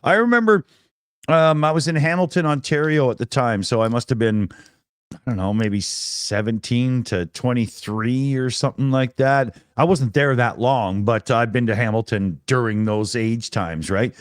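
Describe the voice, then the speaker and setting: A man's voice: medium pitch, moderate pace, clean tone, no room sound, clean studio sound. A middle-aged Canadian man co-hosting a casual chat, telling stories with laughs and swearing. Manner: animated, laughing, swearing storyteller. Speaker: co-host.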